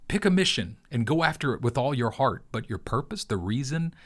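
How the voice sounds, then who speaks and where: A middle-aged man, host of his own channel, talking earnestly in a preacher-like way with long pauses, telling a personal story. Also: medium pitch, sing-song. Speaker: crypto video host. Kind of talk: heartfelt personal talk.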